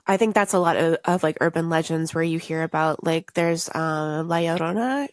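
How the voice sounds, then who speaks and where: A woman's voice: sits low, normal speed, no room sound. A woman co-hosting a podcast, talking through ideas casually with lots of "like" and "um". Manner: thoughtful, many fillers like "like" and "um". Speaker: podcast co-host. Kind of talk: casual movie discussion.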